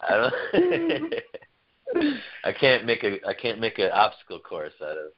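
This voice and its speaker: A man's voice: lowish voice, huge pitch swings, a little slow. A man in casual conversation, joking, laughing often and swearing freely. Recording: dull lo-fi recording.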